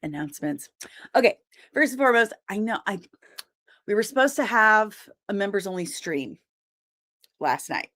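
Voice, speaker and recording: A woman's voice: medium pitch, big pitch swings, normal speed, long pauses, pushed and bright. A young woman hosting a casual livestream, chatting and greeting viewers by name, with easy laughs. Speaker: livestream host.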